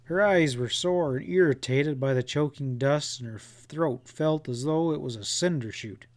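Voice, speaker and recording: A man narrating a western novel as an audiobook, in a measured storytelling read. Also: on the high side.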